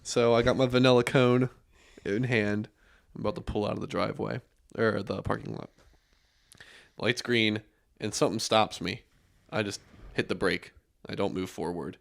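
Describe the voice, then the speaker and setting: Deep-voiced young man telling stories. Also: moderate pace, creaky, long pauses. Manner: relaxed storyteller, many fillers and restarts. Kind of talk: casual podcast chat.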